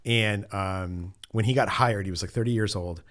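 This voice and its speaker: A middle-aged man, an author being interviewed, telling a story in an animated, chatty way with lots of casual fillers. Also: lowish voice, normal speed. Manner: animated storyteller, acts out quotes, frequent "like" fillers. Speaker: author and journalist guest.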